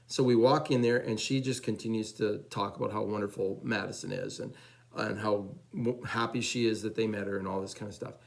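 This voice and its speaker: A man giving a storytelling testimony at church, animated and chatty, acting out the dialogue of the people in his story. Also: on the low side, a little fast, creaky, rough recording. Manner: loose and chatty, repeats fillers. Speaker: church member giving a praise report.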